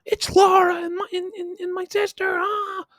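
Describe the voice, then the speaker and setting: A man voicing a small, panicked boy who yells desperately for his mother. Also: very high-pitched, little pitch movement, moderate pace, dry recording, voice pushed up. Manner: breathless desperate yelling.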